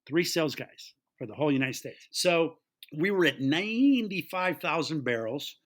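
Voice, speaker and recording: Animated, bright-voiced storytelling man. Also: a little high, moderate pace. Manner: animated, acts out quoted voices. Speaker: guest, taproom owner. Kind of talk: casual storytelling.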